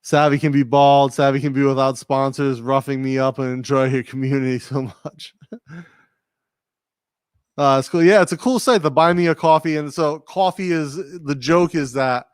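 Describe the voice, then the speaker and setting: A man's voice: mid-range voice, moderate pace, clean tone, no room sound, studio quality. Laid-back man with a slight New England accent. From Rhode Island, USA. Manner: rambling, laid-back, talks to viewers directly. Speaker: livestream host. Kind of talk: casual livestream chat, reading viewer comments. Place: home studio.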